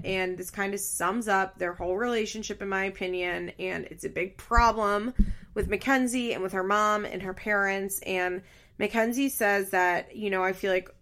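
A woman's voice: medium pitch, gravelly, a bit bright. A woman giving casual, blunt commentary on a reality show, swearing often and sharing her opinions.

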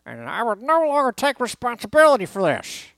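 A man putting on a loud, blustery impression of a gruff baseball manager on a sports talk show. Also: very high-pitched, wildly swooping pitch, brisk, no echo, pitched above the performer's own voice, exaggerated voice. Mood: ranting.

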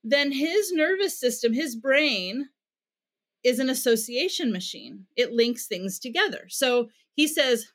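A woman's voice: sits high, lively intonation, measured pace, a bit bright. Earnest woman explaining parenting methods. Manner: earnest, explains with example dialogue. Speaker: parenting expert guest. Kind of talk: explanatory interview talk.

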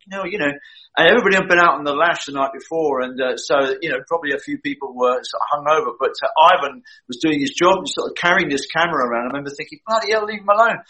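A man in the middle of a long story, his voice somewhat high and very bright. He acts out the dialogue of the people in it, and the telling stays lively. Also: rapid-fire, rough recording. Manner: animated, acts out quoted dialogue. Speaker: guest recalling a film shoot. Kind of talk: anecdotal storytelling.

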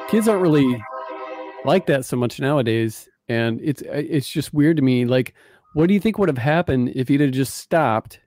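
A man's voice: medium pitch, a little mellow, no echo. A man chatting casually, musing at length with a rambling, reflective manner. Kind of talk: casual chat.

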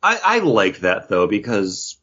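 A man's voice: lowish voice, wildly swooping pitch, unhurried, sharp tone, slightly rough, highs cut off. A man co-hosting a casual comics podcast, rambling with lots of fillers and joking asides. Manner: rambling, filler-heavy, jokey. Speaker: podcast co-host.

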